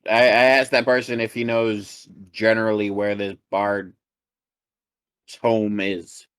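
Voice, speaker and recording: A man playing a tabletop game and describing his character's actions in a relaxed, hesitant way. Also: on the low side, takes it slowly, smooth, no echo. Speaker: player. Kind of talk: tabletop game play, casual chat.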